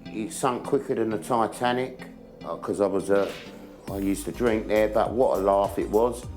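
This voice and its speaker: A man's voice: on the low side, normal speed, over music. An older man who runs a bar, talking in a brash, showy way and swearing freely. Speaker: bar owner. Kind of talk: casual chat and banter.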